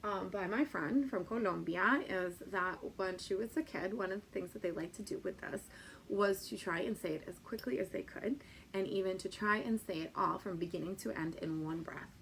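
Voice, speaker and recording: A woman's voice: medium pitch, normal speed, gravelly, fairly bright tone, slight background noise. A woman Spanish teacher talking casually to other teachers, with many ums, and playful and sing-song when she recites a children's rhyme. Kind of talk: teacher training talk.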